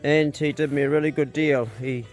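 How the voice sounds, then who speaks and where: A man's voice: on the high side, steady tone, brisk, soft background music. Chatty New Zealand man in his garden. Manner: chatty, upbeat, talks to his animals. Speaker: homesteader vlogger. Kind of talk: casual vlog narration. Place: outdoor garden and homestead.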